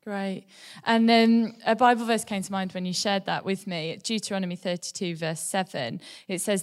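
A woman leading a church gathering, reading a Bible passage in a soft, measured way before a time of prayer. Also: mid-range voice. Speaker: church meeting leader.

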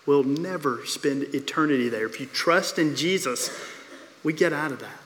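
Pastor preaching with bright hall reverb. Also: male voice, fairly high pitch, a little hiss or hum. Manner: storytelling with repeated phrases, dramatic pauses. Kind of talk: sermon. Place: church sanctuary. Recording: long reverb of a church hall.

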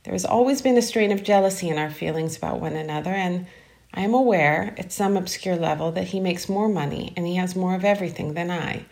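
A woman giving a calm, measured reading of a literary short story. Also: fairly low pitch, vocal fry.

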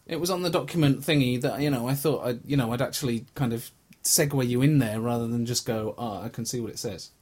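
A man's voice: mid-range voice, fast talker, a little mellow, breathy edge. Easygoing man bantering on a podcast. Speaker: podcast co-host. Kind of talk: casual podcast chat.

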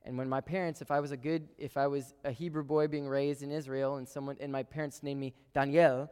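A man preaching a sermon to a live congregation, conversational and playful, with quick asides to the room. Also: mid-range voice, little pitch movement, darkish tone, clean tone. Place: church sanctuary with a live congregation. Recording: long reverb of a large hall.

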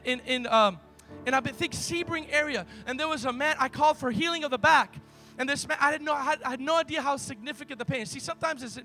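A man preaching a sermon, telling stories emphatically, swinging from loud to hushed. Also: very high voice.

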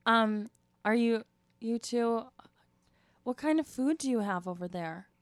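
A woman's voice: a little high, expressive, measured pace, no echo. A woman improvising a hesitant, spacey character in a comedy scene, speaking with lots of ums.

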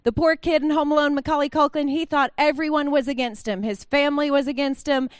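A woman's voice: sits high, fairly even intonation, fairly quick, no room sound, clean studio sound. A woman giving a sermon in a chatty, conversational way, acting out the quotes. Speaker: pastor.

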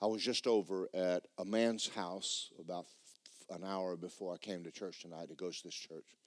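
A man preaching a sermon in church, jumping between loud, high shouts and low muttered asides, mimicking skeptics as he tells stories. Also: fairly even intonation, normal speed, dry recording, studio quality. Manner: storytelling, mimics skeptics mockingly. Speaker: pastor.

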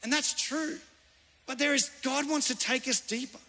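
Pastor guy preaching, earnest storytelling, sharp tense tone. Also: very high-pitched, moderate pace, creaky. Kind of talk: sermon. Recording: reverberant church hall.

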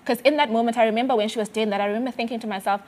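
A woman's voice: fairly high pitch, fairly even intonation, a little mellow. Earnest South African woman testifying. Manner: earnest, halting, with many fillers and restarts. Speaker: guest sharing a testimony. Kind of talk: conversational testimony.

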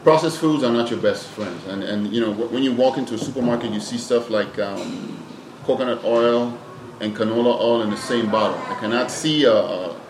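Trainer speaking in an echoey, noisy room. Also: male voice, medium pitch, a little fast. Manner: plain-spoken, emphatic, repeats words while thinking. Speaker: fitness trainer and nutrition coach. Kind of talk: casual interview answers. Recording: echoey room with background noise.

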